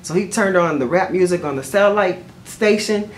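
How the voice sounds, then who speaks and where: A woman vlogger telling a personal story in a chatty, rambling way, full of fillers and self-corrections, jumping up in pitch whenever she quotes herself. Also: moderate pace, slight background noise. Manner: jumps high in pitch when quoting herself. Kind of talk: casual storytelling to camera.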